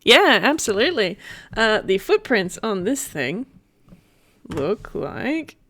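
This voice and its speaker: A woman's voice: medium pitch, very animated, slow pace, a bit bright. A woman running a tabletop game as game master, narrating in rambling, giggly descriptions with playful sound effects.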